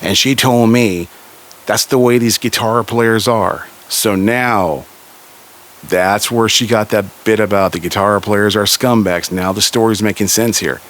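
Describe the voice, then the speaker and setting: A man from Southern California telling a family story in a casual spoken way, lively and raising his voice for the people he quotes. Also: measured pace. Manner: animated, raises pitch for quoted characters.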